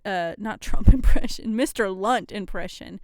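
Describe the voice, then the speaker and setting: A woman's voice: medium pitch, a little slow, dry recording, studio quality. A young woman co-hosting a podcast in casual chat, giggling and laughing often. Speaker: podcast co-host.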